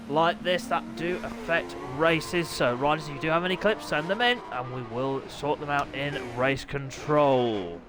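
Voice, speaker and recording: A man commentating on an online motorbike race, excitable and self-mocking, often talking to himself. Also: high-pitched. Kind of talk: sim racing commentary.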